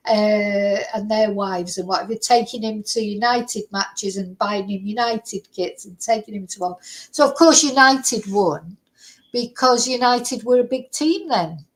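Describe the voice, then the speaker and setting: A woman's voice: mid-range voice, unhurried, low-quality recording. A middle-aged woman from Manchester with a Mancunian accent, chatting casually in a rambling way, full of fillers and small laughs. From Manchester, England. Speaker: vlogger. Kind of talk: casual chat.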